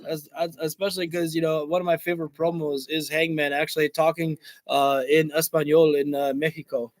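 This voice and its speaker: A man's voice: fairly high pitch, level tone, brisk, no echo. A man hosting a wrestling livestream, casually chatting with stumbling restarts and frequent self-deprecating laughs. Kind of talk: casual live reaction commentary.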